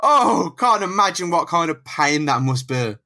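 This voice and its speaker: A man with a bright, lively voice chats about a comic book on a podcast. He reacts to twists and spins jokey what-if scenarios. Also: fairly high pitch, measured pace. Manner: joking, reactive, riffing on scenes. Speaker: podcast co-host.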